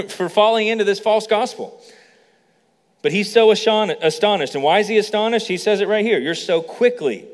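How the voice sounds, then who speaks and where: Animated male preacher in a reverberant hall. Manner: animated preaching, acts out quoted lines with rising pitch. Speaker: pastor. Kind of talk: sermon. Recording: long reverb of a large hall.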